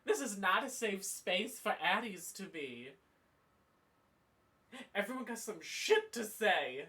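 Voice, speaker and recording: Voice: mid-range voice, expressive, slow pace, pushed and bright, husky. A livestreamer talking casually to viewers in a rambling, playful way. The voice swings widely up and down, especially in bursts of mock outrage, and thoughts often break off midway before starting over. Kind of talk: casual stream chat with viewers.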